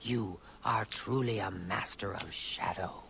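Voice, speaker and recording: Lizard assassin contact, sly, gravelly, low, faint background noise. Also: male voice, a little slow, a bit bright. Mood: scheming. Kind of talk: game dialogue.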